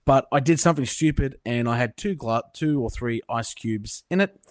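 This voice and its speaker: Young Aussie podcast host, crude and blunt, dry close mic. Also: male voice, medium pitch, normal speed, no room sound. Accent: Australian. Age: young adult. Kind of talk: casual podcast chat.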